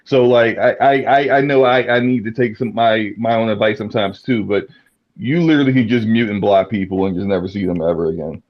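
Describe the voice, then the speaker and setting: A man on a casual audio call speaking haltingly, with frequent stammers and restarts. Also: lowish voice, dull audio. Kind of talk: casual chat.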